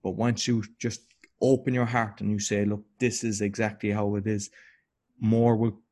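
Male interviewer, fairly low pitch, reflective, encouraging. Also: flat delivery, normal speed, darkish tone. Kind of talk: casual interview conversation.

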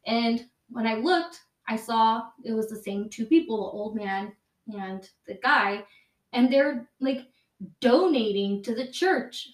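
A woman's voice: on the high side, animated, takes it slowly, recorded from a distance. A young woman casually telling a story, rambling and profane, full of fillers and self-corrections. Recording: echoey room, voice off-mic.

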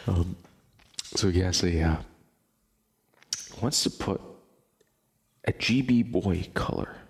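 A man's voice: deep voice, slow, gravelly, husky. A young man hosting a casual late-night podcast, rambling, laughing often and swearing casually. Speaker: podcast host.

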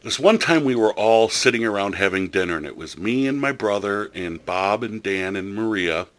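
A man's voice: lowish voice, expressive, moderate pace, a bit bright. A man hosting a podcast in casual chat, chatty and enthusiastic with a rambling way of telling stories. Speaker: podcast host.

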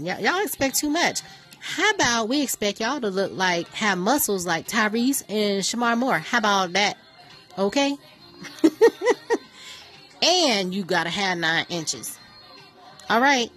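A woman hosting her own radio show, talking casually and joking through a playful, animated story. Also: medium pitch. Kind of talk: casual chatty monologue. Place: New York.

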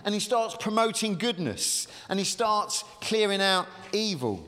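Pastor preaching in a reverberant hall. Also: male voice, high-pitched, unhurried. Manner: chatty, animated, many fillers. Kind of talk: sermon.

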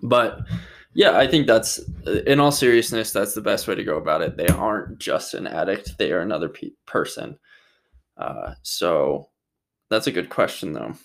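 A man's voice: low voice, big pitch swings, normal speed, creaky. Rambling young man answering viewer questions. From Utah. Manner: rambling, jokey, swears a lot. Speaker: vlogger. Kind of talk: casual Q&A vlog.

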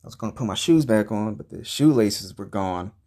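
A man hosting a comedy podcast, telling a crude, profane story in a rambling, deadpan way and grumbling about everything. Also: on the low side, fairly quick. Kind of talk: improvised comedic monologue.

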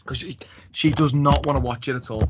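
A man's voice: mid-range voice, fairly even intonation, a little fast, background noise. A man co-hosting a casual chat, easygoing and agreeable as he talks about shows. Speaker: podcast co-host. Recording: dull lo-fi sound.

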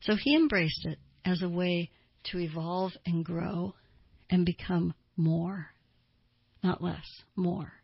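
A woman's voice: lowish voice, takes it slowly, creaky, slightly rough, no room sound. A woman therapist giving advice in an earnest way, asking listeners pointed rhetorical questions. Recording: dull lo-fi dry recording.

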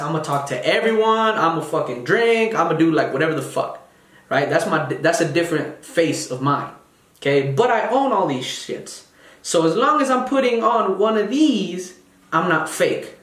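A man's voice: fairly high pitch, fairly bright tone. A young man telling a story in a casual monologue, blunt and heavily profane, mocking other people's voices. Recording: roomy echo.

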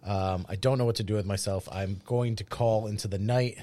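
A man's voice: on the low side, steady tone, a little fast, warm tone. A man co-hosting a casual podcast chat, wry and sarcastic, swearing casually. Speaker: podcast co-host.

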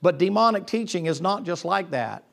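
A pastor preaching from his pulpit in a high-pitched voice. He drops into low, confiding tones and then bursts out loud and excited, often stumbling and restarting his sentences. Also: moderate pace, gravelly. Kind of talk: sermon.

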